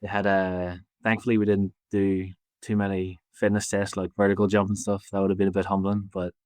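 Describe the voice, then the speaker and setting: A man in his twenties with a Belfast accent, talking casually as an interview guest, relaxed and halting with many fillers. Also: low voice, dry recording. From Northern Ireland. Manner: easygoing, halting, lots of fillers and restarts. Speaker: basketball player guest.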